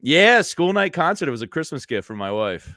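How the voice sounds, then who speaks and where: Lively, bright-voiced easygoing guy. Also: on the high side, a little fast, no room sound, studio quality. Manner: easygoing, jokey, laughs along. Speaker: guest, radio host. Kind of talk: casual chat.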